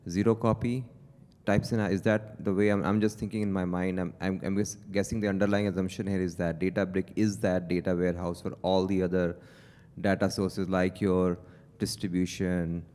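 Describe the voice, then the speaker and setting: A low-voiced man in a conference audience works his way through a question. He hesitates and restarts as he thinks aloud, and the long reverb of a large hall trails after his words. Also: level tone, normal speed, warm tone. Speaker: audience member asking a question.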